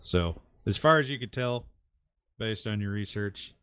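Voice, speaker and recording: A man narrating as game master of a tabletop game, halting and full of uhs. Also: fairly low pitch, expressive, fairly bright tone, clean tone, no room sound.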